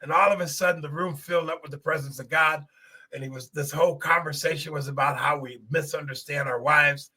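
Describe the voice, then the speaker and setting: A man's voice: a little high, fairly even intonation, brisk, pushed and bright, slightly rough. A middle-aged man hosting a podcast, telling a personal testimony in an earnest, emotional way and speaking straight to his listeners. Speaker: podcast host.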